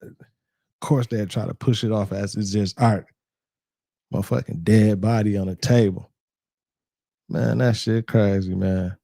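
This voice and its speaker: A male reaction host comments in loose, profane slang and shouts out his viewers by name. His voice is dark and gravelly. The sound is dry, with no room around it. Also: fairly low pitch, steady tone, measured pace, long pauses, dry recording.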